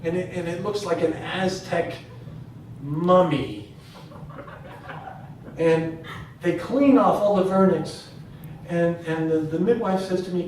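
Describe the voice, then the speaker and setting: A man's voice: takes it slowly, long pauses, a little hiss or hum. Middle-aged guy doing open mic stand-up, acts out all the voices, super echoey, kinda far from the mic. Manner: animated, acts out voices with big pitch jumps. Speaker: stand-up comedian. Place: room at a live open mic.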